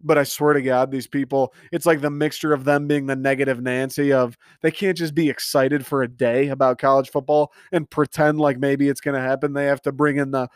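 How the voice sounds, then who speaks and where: A man's voice: mid-range voice, level tone, a little fast, few pauses, clean tone, no echo, studio quality. A young man hosting a solo podcast, ranting in a profane, exasperated way. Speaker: podcast host. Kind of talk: casual solo podcast rant.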